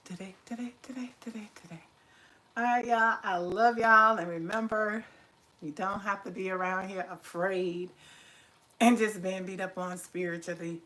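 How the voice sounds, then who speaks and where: Woman, live-stream host, slow drawl, laughs often, slightly distant mic. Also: mid-range voice, fairly even intonation. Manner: chatty, laughs often, drawls words slowly; warm encouraging sign-off with spiritual talk. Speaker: livestream host. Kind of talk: casual live-stream chat reading comments.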